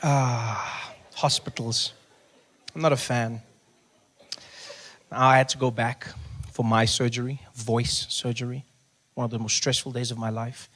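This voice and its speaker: A man performing stand-up comedy on stage, animated and loud as he acts out scenes. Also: mid-range voice, a little slow, pauses often. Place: comedy stage before a live audience.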